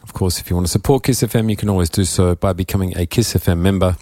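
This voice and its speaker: An Australian man hosting a radio show in a studio, chatting casually with a croaky voice and a rambling, offhand manner. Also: deep voice, fairly even intonation, fast, mellow, no echo. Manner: rambling, offhand, self-mocking. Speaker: radio DJ host.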